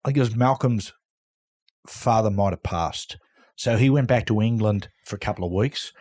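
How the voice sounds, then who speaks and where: A man's voice: lowish voice, moderate pace. A middle-aged Australian man, a guest on a podcast, telling stories casually and acting out the other people in them. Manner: yarn-spinning, acts out quoted lines, laughs loudly. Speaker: podcast guest, former footballer. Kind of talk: casual storytelling.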